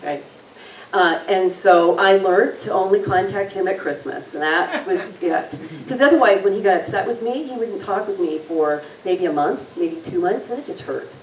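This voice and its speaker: A woman giving a talk, telling a personal story and then leading a guided relaxation in an unhurried, gentle way. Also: mid-range voice, a little hiss or hum. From lived long in New Zealand. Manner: unhurried, gentle, lingers on words. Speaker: speaker leading an intuition talk. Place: talk in a room with an audience. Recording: echoey room, mic at a distance.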